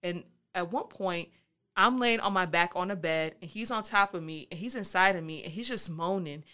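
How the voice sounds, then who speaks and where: A woman hosting a podcast, telling a candid personal story with a bright, sharp tone. She talks frankly and playfully in slang, acting out her own thoughts as little quoted asides. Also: on the low side, normal speed. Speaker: podcast host.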